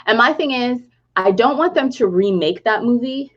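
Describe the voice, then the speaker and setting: A woman co-hosting a book club livestream, telling stories in a lively, laughing way. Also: fairly high pitch, normal speed. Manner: animated storyteller, laughs while telling. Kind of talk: casual livestream chat. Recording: dull lo-fi stream audio.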